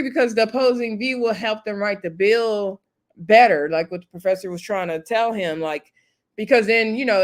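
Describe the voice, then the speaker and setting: Chatty opinionated woman recapping a show. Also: medium pitch. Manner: chatty and opinionated, acts out quotes, talks back at the cast. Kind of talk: casual episode recap.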